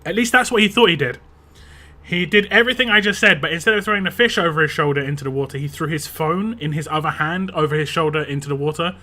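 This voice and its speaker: Streaming a game, a young man chats loosely, rambles between frequent laughs, and reads chat aloud, his voice slightly rough after a drink. His delivery is bright, forceful, a touch high, and fast, with soft music playing behind him.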